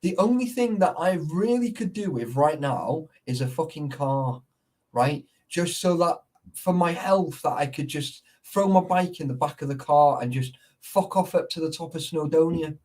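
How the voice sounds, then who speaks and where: A man's voice: a little high, expressive, normal speed, a little mellow, recorded from a distance. A man in casual chat, rambling and swearing, forever checking that the listener follows. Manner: sweary, rambling, keeps asking "you know what I mean".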